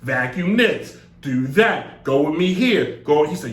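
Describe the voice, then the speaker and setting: Animated joking sports radio host. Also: male voice, high voice, measured pace. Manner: animated, rambling, jokey. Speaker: sports talk show host. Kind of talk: casual live sports radio talk. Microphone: desk mic on a stand. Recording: echoey room.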